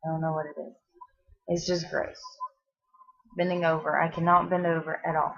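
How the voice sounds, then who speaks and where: A young pregnant woman with a low voice talks to her camera at home in a loose, rambling way, trailing off and restarting often. She sounds short of breath, and the recording has a dull, lo-fi home-video sound. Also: level tone, moderate pace, vocal fry, fairly bright tone. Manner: chatty, rambling, many fillers and restarts. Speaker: vlogger. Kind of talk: casual pregnancy update vlog. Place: at home, seated.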